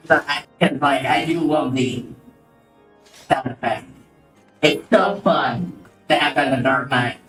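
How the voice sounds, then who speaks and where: A man's voice: medium pitch, measured pace, long pauses, fairly bright tone. A man streaming a game, commenting casually in a rambling, swearing way that keeps cutting itself off. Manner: rambling, swearing, self-interrupting. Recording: roomy, distant mic, faint music.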